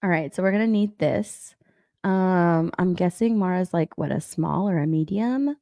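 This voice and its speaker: A woman's voice: on the low side, normal speed, mellow, no room sound, studio quality. A young woman chatting casually on a live stream, rambling and repeating herself, swearing and laughing. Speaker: stream co-host.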